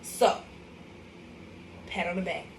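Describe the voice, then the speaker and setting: A woman's voice: slow pace, noisy background. A young woman from Arkansas, chatting in a casual, emotional way to viewers as a mother on a livestream vlog. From Arkansas, USA. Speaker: vlogger, mother. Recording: echoey room, mic at a distance.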